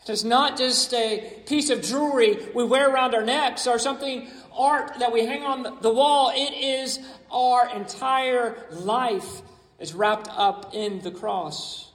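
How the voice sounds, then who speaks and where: High-voiced emphatic preaching man. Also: a little slow, a bit bright. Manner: emphatic, repeats key phrases. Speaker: pastor. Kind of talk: sermon. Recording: echoey hall.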